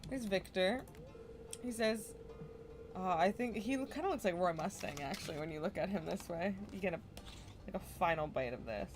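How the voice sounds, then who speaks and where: A woman giving casual, relaxed commentary while playing a farming video game, chatty and self-deprecating, with small muttered asides. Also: lowish voice, normal speed, over music. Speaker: gaming streamer.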